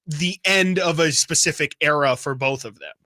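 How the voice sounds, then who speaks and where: A man's voice: on the high side, normal speed, bright, forceful tone, dry recording. A man co-hosting sports radio, chiming in with short agreements and clarifying questions. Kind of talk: casual sports talk.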